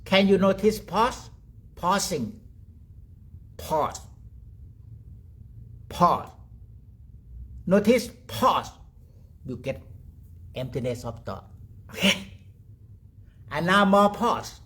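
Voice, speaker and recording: A man leading a guided meditation talk in simple broken English, pausing often and asking "okay?". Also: high voice, expressive. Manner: repeats short words softly, trailing off quieter. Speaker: meditation teacher.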